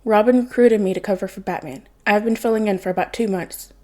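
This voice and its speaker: Cocky young man in a superhero mask, smug and teasing, read by a woman, mellow tone, storybook reading. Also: mid-range voice, fast talker, close to an everyday voice. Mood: deadpan.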